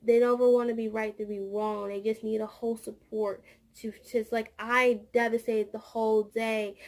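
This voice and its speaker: A woman's voice: fairly high pitch, a little mellow. A woman vlogger and childcare teacher telling a rambling story about her workday, repeating words and acting out what people said. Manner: rambling, repeats words, acts out quoted dialogue. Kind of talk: casual storytelling vlog.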